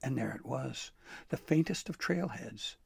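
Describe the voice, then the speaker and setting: A man narrating a storybook with an expressive, dramatic read-aloud manner. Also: mid-range voice, measured pace, creaky, breathy edge, no room sound.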